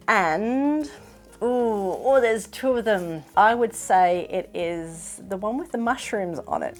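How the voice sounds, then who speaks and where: A middle-aged woman from Australia with a slightly British-tinged Australian accent, chatting casually to camera as a sewing vlogger, self-deprecating and quick to laugh. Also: medium pitch. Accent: Australian with some British influence.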